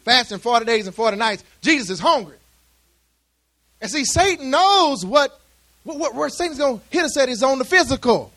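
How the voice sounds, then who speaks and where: Male pastor, high voice, chatty call-and-response sermon with many restarts. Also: lively intonation, normal speed, sharp tone.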